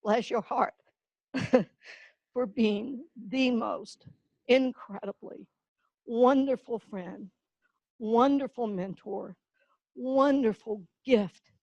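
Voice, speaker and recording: Older woman, warmly folksy presenter; unhurried delivery, close dry mic, slightly muffled. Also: on the high side, dry recording. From North Carolina-Virginia border, US. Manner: folksy storyteller, slow and emotional. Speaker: award presenter. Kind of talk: heartfelt tribute speech.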